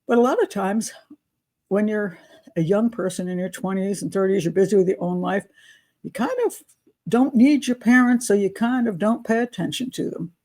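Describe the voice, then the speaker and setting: A woman's voice: medium pitch, moderate pace, mellow. An older woman from the United States hosting an advice show, talking in a chatty, unscripted way with asides. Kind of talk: casual advice monologue.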